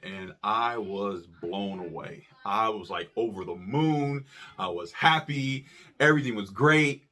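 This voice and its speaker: A man with a husky, slightly breathy voice tells a story in casual chat. His pitch swings widely as he acts out quotes with cursing and excitement. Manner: animated, profane, acts out quotes. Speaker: podcast co-host.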